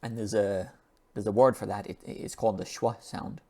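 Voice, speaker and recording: Low-voiced man teaching English pronunciation. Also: steady tone, creaky, dark tone. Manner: slow and repetitive, drawing out and repeating sounds. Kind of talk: pronunciation lesson, reading an article aloud.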